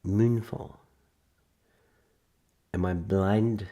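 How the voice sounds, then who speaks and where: Speaking in a lowish voice at a measured pace, this live stream host reads out film synopses and rambles through them with casual, sarcastic humor.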